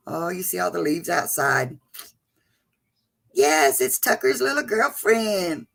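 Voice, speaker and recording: Slow-talking, gravelly-voiced woman host. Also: on the low side, animated, fairly bright tone. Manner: chatty, greets viewers by name with endearments. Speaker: livestream host. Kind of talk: casual livestream chat.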